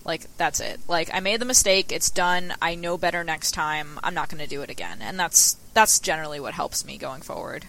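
A woman on a casual podcast recounting a lost card game match, rueful and storytelling, with quick asides. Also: sits low, gravelly, sharp tone, rough recording.

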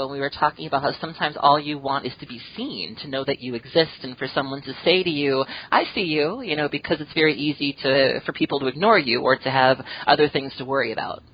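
A woman hosting an interview podcast, affirming her guest and asking long, drawn-out questions. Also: low-pitched, lo-fi sound, slight background noise. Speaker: podcast host.

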